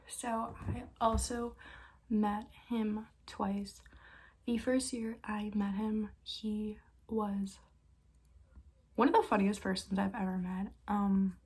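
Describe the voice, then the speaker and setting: Young canadian-raised woman vlogging, breathy voice, lots of likes, half whispering. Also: mid-range voice, steady tone, slow, darkish tone. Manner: chatty, heavy use of filler words, often half-whispered. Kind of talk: casual storytime chat.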